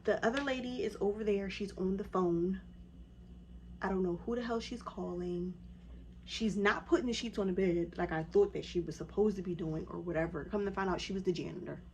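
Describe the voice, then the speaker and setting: In a casual vlog, a woman tells her own story at a fairly quick pace over slight background noise. She's animated, raising her voice to a higher pitch when acting out what others said.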